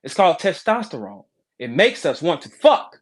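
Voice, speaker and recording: A man hosting a podcast, ranting in a brash, profane, animated way, jumping between loud outbursts and low asides. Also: moderate pace. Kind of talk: casual podcast rant.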